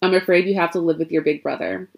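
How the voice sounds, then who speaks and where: A patient older conjure woman from a spooky storybook, speaking calmly and without hurry, as a woman reads her lines. Her words come out matter-of-fact and a little low, as if she has given this advice many times before. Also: fast talker, creaky.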